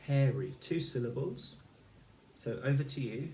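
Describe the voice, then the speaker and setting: A man leads a phonics lesson for young children, sounding out letters and words slowly and plainly. The recording is roomy and echoey, with his voice a little distant from the mic and a faint hiss of room noise behind. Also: mid-range voice, animated, warm tone. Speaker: teacher.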